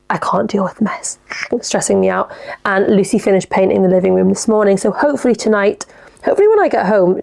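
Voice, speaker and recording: Young woman, podcast host, candid and sweary, a bit of vocal fry. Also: mid-range voice. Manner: chatty, frank, sweary, animated. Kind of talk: casual solo podcast chat, reading listener dilemmas.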